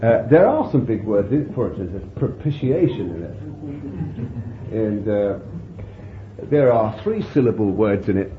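Man, sermon, slow unhurried delivery, chuckling asides, roomy echoey sound. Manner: slow, unhurried preaching with lively pitch and warm chuckles. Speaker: preacher. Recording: roomy, tinny phone-like sound with faint hiss.

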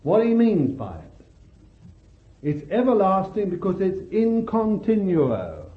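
A man preaching a sermon with fervor, calling out hallelujahs and swinging between loud bursts and hushed words. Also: sits high, wildly swooping pitch. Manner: slow deliberate delivery, stretching key words. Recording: echoey hall, tinny lo-fi sound.

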